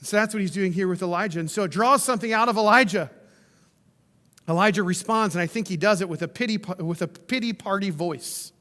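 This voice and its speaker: A man's voice: high voice, brisk, sharp tone, in a large hall. A man preaching a sermon in a conversational way, often checking in with the listeners. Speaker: pastor.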